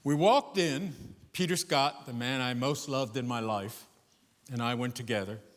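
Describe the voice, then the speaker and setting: An older man performing a solo stage monologue, animated, going from loud emphasis to hushed asides. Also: mid-range voice, unhurried. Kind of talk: theatrical storytelling monologue. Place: theater stage before a live audience. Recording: echoey theater with long reverb.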